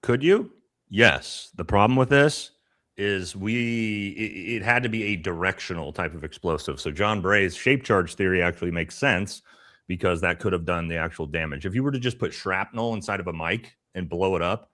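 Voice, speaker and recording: A man with a deep, low voice talks bluntly on a live stream panel. He builds up emphasis as he argues his points. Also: moderate pace, sharp tone. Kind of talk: casual live-stream commentary.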